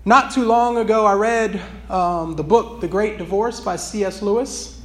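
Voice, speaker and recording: A man's voice: high voice, unhurried, a bit bright. A man preaching in a loose, rambling way, with many restarts, before reading from a book. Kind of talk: sermon with read excerpt.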